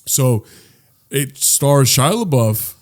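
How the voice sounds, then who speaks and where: A man co-hosting a casual podcast, talking excitedly and swearing freely as he tells stories. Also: medium pitch, takes it slowly. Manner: excitable, swears freely, ramps up loud when animated. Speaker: podcast co-host. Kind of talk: casual chat.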